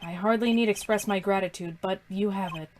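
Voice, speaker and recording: A woman voicing a calm, mysterious former magician who plays poker, speaking softly, low and measured. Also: noisy background, lightly acted. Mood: grave. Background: game music.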